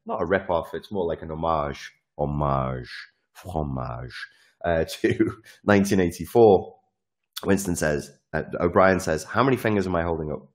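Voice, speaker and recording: A man with a very deep voice talks through a casual, animated monologue. He swears freely, jumps between asides, and slips into little performances of the lines he quotes.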